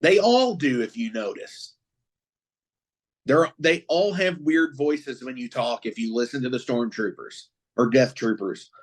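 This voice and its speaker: A man co-hosting a podcast, chatting casually with a profane, excitable fan's rambling. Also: medium pitch, a little slow. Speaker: podcast co-host. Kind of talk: casual chat.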